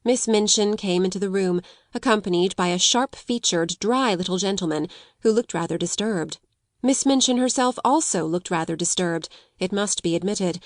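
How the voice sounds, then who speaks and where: A woman reading an audiobook of a classic novel in measured, expressive storytelling. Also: mid-range voice, no room sound, clean studio sound. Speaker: audiobook narrator. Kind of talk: scripted narration of a classic novel.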